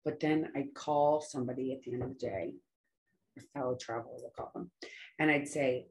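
Talking at a normal speed in a low, darkish voice, a woman gives a casual, earnest talk on staying sober as a recovery speaker. She rambles, trails off and self-corrects often, and a little background noise can be heard.

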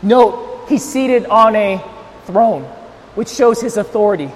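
A male pastor preaching a sermon, switching between loud, near-shouted emphasis and softer, tender passages while straining his voice without a monitor. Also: high voice, slow, in a large hall.

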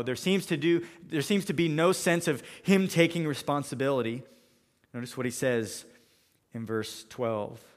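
Preaching man in a reverberant hall. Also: mid-range voice. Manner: expository preaching, quoting scripture and paraphrasing characters. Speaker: pastor. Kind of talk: sermon.

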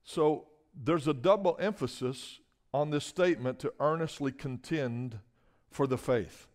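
A man's voice: on the high side, measured pace, darkish tone. A man preaching a sermon as a guest speaker. He talks emphatically, often repeats words and asks the room for an "Amen?".

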